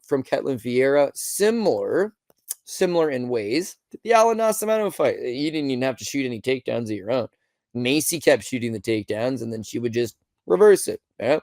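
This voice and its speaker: A man's voice: mid-range voice, a little mellow, no echo. A man hosting a podcast, recapping fights in a blunt, exasperated rant full of rhetorical questions and swearing. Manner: rhetorical questions, mimics people mid-rant. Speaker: podcast host. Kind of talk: solo fight recap commentary.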